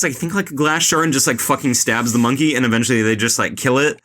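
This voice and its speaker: Fairly bright and medium in pitch, this young podcast host speaks at a normal speed. He jokes his way through a movie plot on his casual film show, wandering off track and leaning on "like" and "uh" constantly.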